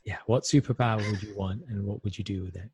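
A man hosting a podcast, chatting easily with his guest. His voice is husky and slightly breathy, and the recording is dry and close with no room sound. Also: lowish voice, steady tone, fast talker, a little mellow, no echo, muffled recording. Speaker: podcast host. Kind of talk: casual interview chat.

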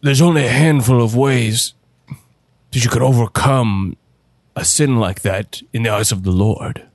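A man playing a flustered, stammering priest in an improvised comedy bit, with a husky voice. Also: medium pitch, a little slow, no room sound. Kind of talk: improvised comedy role-play.

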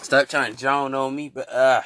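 A man's voice: mid-range voice, level tone, moderate pace, a bit bright, a little hiss or hum. A man hosting a solo podcast, ranting in a mocking, boastful way with street slang, laughing often between repeated phrases, seated at a stand mic. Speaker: podcast host. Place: seated indoors. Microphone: mic on a stand he keeps pulling down.

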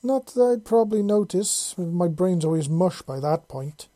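A bold robot woman soldier from an audiobook story, teasing and playful in every line, as the narrator puts her on. The voice is very dark and mellow, close and dry with no room around it. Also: mid-range voice, expressive, normal speed, no room sound, pitched above the performer's own voice, natural voice.

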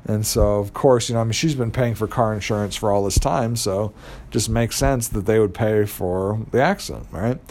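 A young man with a somewhat low voice tells a personal story in an easygoing, casual way. He rambles, stacking fillers and restarting his sentences as he goes. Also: normal speed, darkish tone.

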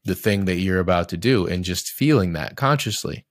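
Deep-voiced man, reflective and candid. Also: animated, moderate pace, dry recording, studio quality. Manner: reflective, candid, loose and searching with frequent restarts; swears casually. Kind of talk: casual podcast conversation.

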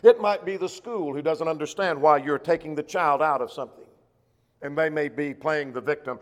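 A man preaching a sermon in a church, measured and slowing down when he quotes scripture. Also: a little high. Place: church auditorium. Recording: long echo of a church hall.

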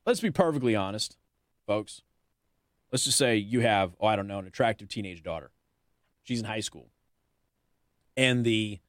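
A man's voice: medium pitch, fairly bright tone, no room sound, studio quality. A man hosting a talk radio show, making his points with pointed rhetorical questions and hiccuping now and then. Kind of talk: opinionated talk radio monologue.

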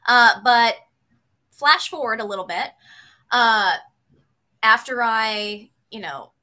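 A woman, a psychotherapist, telling a personal story in an interview, hesitant with many pauses, candid and emotional. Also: on the high side, sharp tone.

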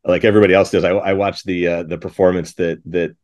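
A man's voice: low-pitched, level tone, quick pace, a little mellow. A middle-aged man, a composer and director, talking casually and enthusiastically in an interview, rambling with many restarts and false starts.

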